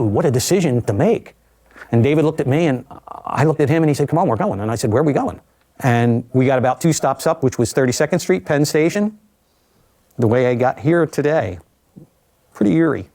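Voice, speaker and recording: An older man recounting his own survival in a documentary interview, measured and reflective with vivid asides. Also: medium pitch, lively intonation, mellow.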